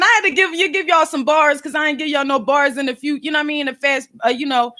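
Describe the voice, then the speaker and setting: A woman in her thirties with a Philadelphia accent, casually telling a story straight to her viewers in animated, slangy talk. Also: high voice, fast, hardly any pauses. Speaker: podcast and video host.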